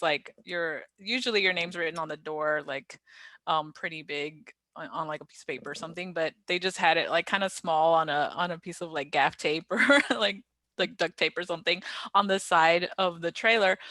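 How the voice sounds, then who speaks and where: A woman's voice: fairly low pitch, sharp tone, no echo. A woman guest actor chatting casually in an interview, laughing often and acting out what people said. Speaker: guest actress.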